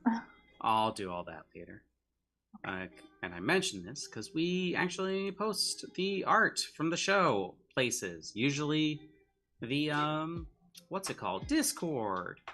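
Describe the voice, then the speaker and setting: A man co-hosting a comedy stream, chatting casually and hesitantly while drawing, with many pauses and restarts. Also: fairly high pitch, big pitch swings, pushed and bright. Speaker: comedy show co-host drawing live.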